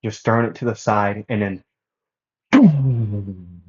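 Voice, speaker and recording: A man's voice: fairly low pitch, little pitch movement, brisk. A man casually narrating a fan-made story, rambling with many fillers and self-corrections, on a dull lo-fi recording.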